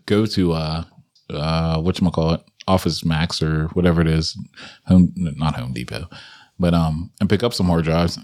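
Low-voiced man, loose rambling storyteller who keeps laughing mid-sentence. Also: a little mellow. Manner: rambling, laughs often, many fillers. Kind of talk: casual storytelling chat.

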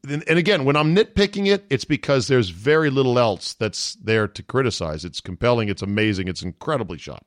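A man's voice: mid-range voice, animated, fairly quick, hardly any pauses, dry recording, clean studio sound. A man hosting a podcast in casual chat, blunt and opinionated, swearing freely. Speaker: podcast host.

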